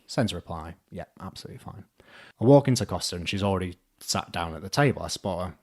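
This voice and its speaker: Animated man telling a story. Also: low voice, quick pace. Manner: animated, acts out quotes, laughs often. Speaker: podcast guest. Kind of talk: casual storytelling.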